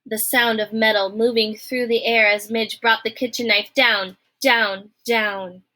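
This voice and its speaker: A woman reads a children's novel aloud in a friendly, expressive way, talking straight to her listeners. Her voice is bright and fairly high. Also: unhurried. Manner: expressive, friendly, addresses the reader. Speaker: storybook reader.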